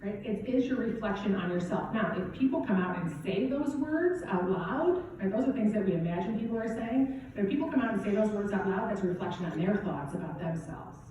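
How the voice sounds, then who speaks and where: In a very echoey event hall at a golf championship, picked up by a distant, dull mic over a noisy background, a middle-aged woman golf coach gives a motivational keynote. Her medium-pitched voice is expressive and fairly quick with few pauses, and her conversational talk is peppered with "right?".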